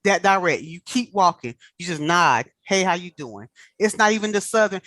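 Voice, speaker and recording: A woman in casual chat, telling animated stories and acting out the people she quotes. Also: medium pitch, moderate pace, no echo.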